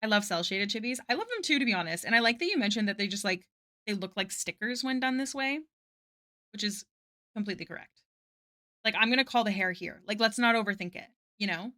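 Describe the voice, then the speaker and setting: Woman, live art streamer. Bright, chatty, casual, talks to chat while working. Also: mid-range voice, expressive, quick pace. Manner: chatty, answers chat, many "like" fillers.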